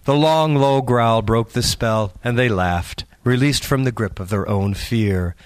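A man narrating a spooky story in a measured, suspenseful audiobook reading. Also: medium pitch, no room sound.

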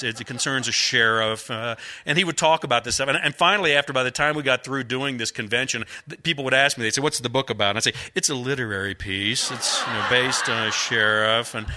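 A man's voice: medium pitch, sharp tone. A middle-aged man, an author telling rambling, folksy stories to a live audience, full of fillers. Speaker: author at a book event.

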